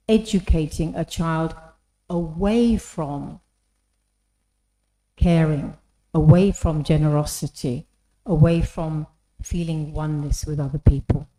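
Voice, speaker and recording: A woman's voice: low-pitched, mellow. A woman giving an inspirational talk in an engaging storytelling manner, often asking the audience questions. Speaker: speaker. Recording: echoey hall.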